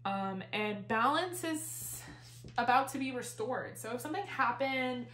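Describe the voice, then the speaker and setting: A woman's voice: on the high side, measured pace, a bit bright. Chatty, slightly breathless woman reading tarot. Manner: chatty and rambling, full of fillers and casual swearing. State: a little out of breath. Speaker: tarot reader. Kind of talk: casual tarot reading to camera. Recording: roomy echo.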